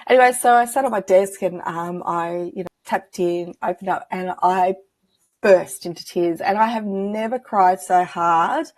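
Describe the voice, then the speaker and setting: A woman's voice: lowish voice, a little slow, dry recording. A woman guest on an interview show, a spiritual medium telling personal stories in a chatty, reflective way and acting out the dialogue she remembers. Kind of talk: casual interview storytelling.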